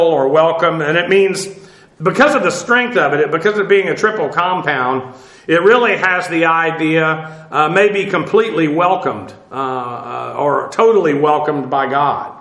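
A man teaching scripture, breaking down Greek grammar step by step. His voice sits a bit high and rings bright and sharp, with many halting fillers as he spells terms out letter by letter. The room around him is echoey. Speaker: Bible teacher. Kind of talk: verse-by-verse Bible study with Greek word analysis.

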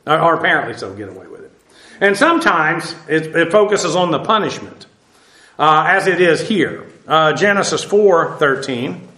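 A man's voice: fairly high pitch, expressive, normal speed, sharp tone, roomy sound. A middle-aged man preaching, teaching verse by verse in a plain conversational way with many fillers and restarts. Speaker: pastor. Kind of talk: sermon.

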